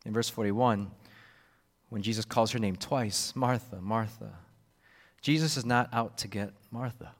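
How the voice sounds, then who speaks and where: A man preaching a sermon, expressive and repetitive, acting out the voices he quotes. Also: mid-range voice, moderate pace, long reverb tail. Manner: expressive, acts out quoted voices, repeats words. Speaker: pastor.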